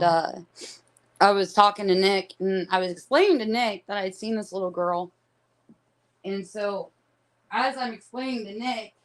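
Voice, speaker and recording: A woman on a live paranormal investigation, talking to her viewers in a hushed, uneasy way while cold and shivering. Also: medium pitch, distant mic, slight background noise, low-quality recording.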